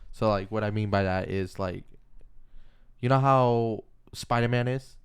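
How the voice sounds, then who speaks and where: A young man co-hosting a casual podcast, with a lower, clear and resonant voice. He rambles and corrects himself as he goes, trading quick takes with a friend. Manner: chatty, self-correcting, laughs easily. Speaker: podcast co-host. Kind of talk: casual chat about comics and movies.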